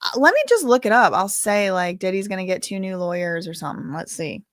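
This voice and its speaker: A woman's voice: medium pitch, expressive, brisk, fairly bright tone, no echo, clean studio sound. A woman chatting casually on a live stream, updating viewers on a court hearing and reading their comments aloud with lots of filler words. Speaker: livestream commentator on a court case.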